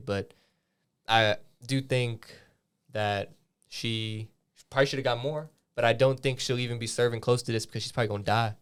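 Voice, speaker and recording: A man's voice: mid-range voice, clear, resonant tone. A young man co-hosting a podcast in casual chat, rambling with lots of fillers and restarts, and swearing freely. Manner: frequent swearing. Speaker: podcast co-host.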